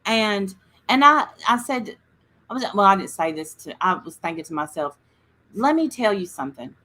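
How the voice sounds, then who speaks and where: Woman hosting a livestream, bright voice, rambly storyteller, talks right to her chat. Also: medium pitch, very animated, moderate pace. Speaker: livestream host.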